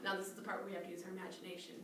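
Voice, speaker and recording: A woman's voice: on the low side, completely flat delivery, racing, heavy reverb, recorded from a distance, heavy background noise. A woman, a children's librarian, leading a cheerful storytime and coaxing small children along.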